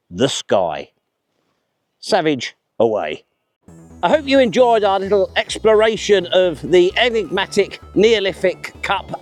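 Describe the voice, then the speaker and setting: A man's voice: on the high side, no echo. A man hosting a vlog outdoors in a park, chatty, enthusiastic and self-mocking as he presents to camera. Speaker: vlog host.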